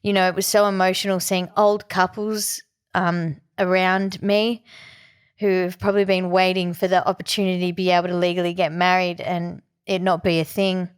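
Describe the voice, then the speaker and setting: A woman's voice: fairly low pitch, level tone, normal speed, clean tone. Emotional woman telling a story. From Australia. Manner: emotional, open, many fillers. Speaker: guest musician. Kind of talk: personal storytelling.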